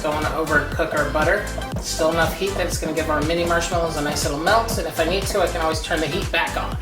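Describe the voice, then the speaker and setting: A woman's voice: sits low, steady tone, fast talker. A woman hosting a children's program, reading a story and leading a cooking demo in a playful, sing-song way that speaks straight to the kids. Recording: roomy, distant mic with music behind.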